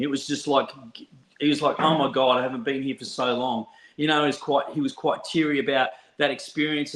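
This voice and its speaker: A man with an Australian accent telling a story from his counselling work in a relaxed chat, laughing often and restarting sentences. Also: on the high side. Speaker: counsellor, podcast guest. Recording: roomy echo.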